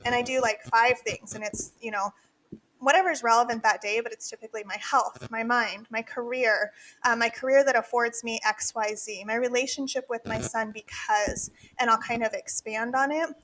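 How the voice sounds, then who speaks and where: A woman's voice: a little high, steady tone, moderate pace, a bit bright, a little hiss or hum. A woman in her forties co-hosting a podcast, talking candidly in a casual chat with many fillers and frequent laughs. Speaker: podcast co-host, dental practice consultant.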